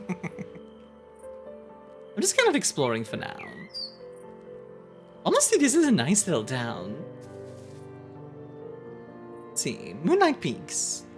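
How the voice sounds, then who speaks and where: A woman's voice: on the low side, wildly swooping pitch, slow pace, pauses often, soft background music. A young woman streaming a game, chatting playfully with her viewers, laughing often and rambling off on asides. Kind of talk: casual live-stream game commentary.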